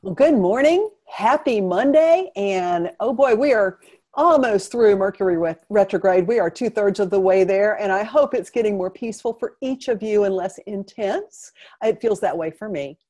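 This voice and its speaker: Woman talk show host, mellow tone, effusive and chatty. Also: mid-range voice, animated, normal speed. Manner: effusive, laughs often. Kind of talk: casual live interview.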